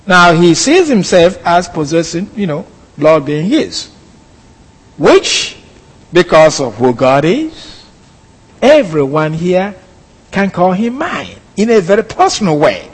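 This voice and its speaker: A man preaching a sermon in a deliberate, emphatic way, stressing quoted phrases slowly. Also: sits high, very animated, husky, big-room sound, rough recording.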